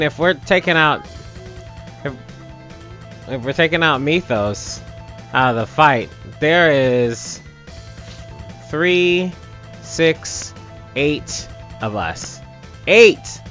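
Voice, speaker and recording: A man giving casual let's play commentary, joking and mocking the game in an animated way. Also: medium pitch.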